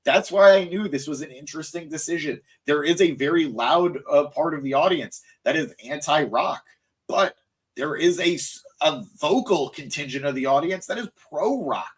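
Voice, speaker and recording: A man's voice: fairly high pitch, lively intonation, normal speed. A man hosting a live wrestling recap stream, rambling and easily sidetracked as he reacts to chat, sounding tired. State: tired, voice cracking. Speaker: wrestling show host.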